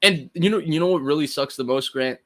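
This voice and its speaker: A man's voice: a little high, fairly quick, pushed and bright. A man appearing as a guest on a sports show, venting casually and with frustration about a loss. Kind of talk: casual chat.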